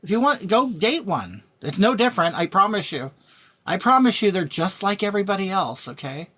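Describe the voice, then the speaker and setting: A woman's voice: medium pitch, very animated, moderate pace, sharp tone. A woman talking bluntly to her live-stream chat, thanking viewers by name and repeating her points in a ranting way. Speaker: livestreamer reading chat. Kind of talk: casual live-stream rant.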